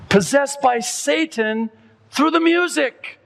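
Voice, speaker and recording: A male pastor preaching a sermon, reading quotes aloud and working himself up to high, loud, impassioned peaks. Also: a little slow.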